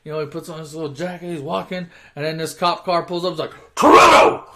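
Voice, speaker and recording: A man's voice: a little high, fairly even intonation, fast talker, a bit bright. A man casually retelling a movie plot as a comic story, offhand and profane, often correcting himself mid-sentence.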